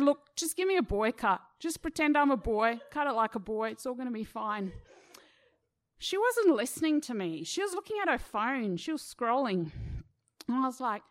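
A middle-aged woman tells a personal anecdote with a slightly higher voice. She is chatty and pokes fun at herself. She brings quoted people to life with quick voices. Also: fairly bright tone. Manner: chatty, self-mocking, acts out quoted voices. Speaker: storyteller. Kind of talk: personal story told to an audience.

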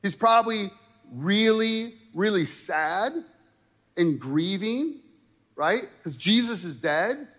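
A man's voice: high-pitched, expressive, takes it slowly, fairly bright tone, in a large hall. A man preaching a sermon in a casual, conversational way, often checking in with the crowd by asking "right?" and "okay?". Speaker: pastor.

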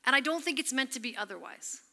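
A woman's voice: high voice, expressive, fast, vocal fry, bright, forceful tone. A woman pastor preaching an earnest sermon, emphatic at times and dropping almost to a whisper when she quotes scripture.

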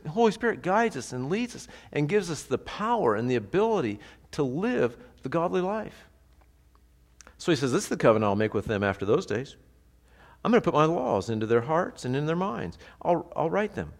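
In a big-sounding room, a man with a mid-range voice teaches a sermon. The pastor keeps it conversational and animated, putting rhetorical questions to the congregation.

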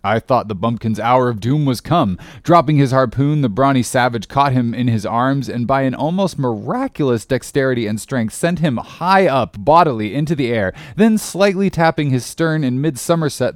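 Expressive male audiobook narrator, dry sound. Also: medium pitch, no room sound. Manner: expressive, rising with the action.

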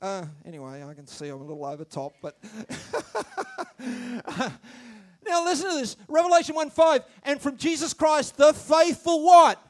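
A man preaching a sermon, animated, shouting some phrases and dropping to quiet asides, stammering when excited. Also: very high-pitched, normal speed. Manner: animated, swings between loud shouts and quiet asides, laughs often.

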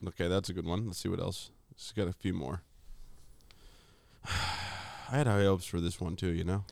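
A man's voice: sits low, fairly even intonation, moderate pace, vocal fry, no echo, studio quality. A man hosting a casual podcast, joking and bantering with his guests. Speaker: podcast host.

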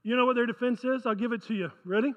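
A man's voice: very high voice, fast talker, long reverb tail, highs cut off. A male pastor preaching a conversational sermon, often asking the congregation rhetorical questions.

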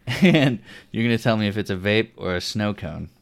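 A man hosting a casual podcast chat, laughing often and acting out quotes in animated voices. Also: fairly low pitch, moderate pace, gravelly. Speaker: podcast host.

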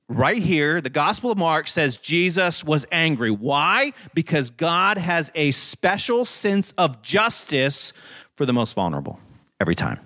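A man preaching a sermon in an animated, conversational way, with dramatic scripture readings. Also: fairly high pitch, measured pace. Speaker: pastor.

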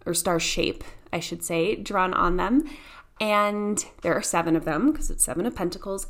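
Chatty Indiana woman hosting a podcast. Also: mid-range voice. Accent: Indiana Midwestern. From Indiana, USA. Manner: chatty, storytelling, laughs often. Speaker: podcast host. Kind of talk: casual solo podcast talk.

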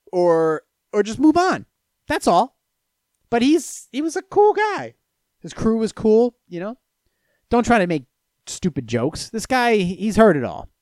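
Swearing florida guy rambling to his stream, voice jumps all over, dry close sound. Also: no room sound. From Florida, USA. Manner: profane, storytelling, lively swings in pitch and loudness. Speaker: streamer answering chat questions. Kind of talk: casual rambling chat.

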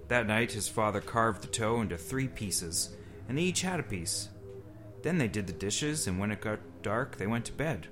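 A man's voice: on the low side, expressive, normal speed, fairly bright tone. A man hosting a podcast, reading a spooky story aloud to friends, breaking in with casual asides. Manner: reads aloud with asides and laughs. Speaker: podcast host.

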